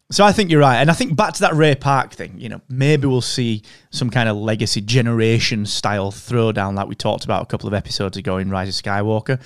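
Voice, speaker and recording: Man, smooth clear voice, dry close sound, enthusiastic podcast chat. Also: lowish voice, no room sound. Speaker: podcast co-host. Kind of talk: casual chat.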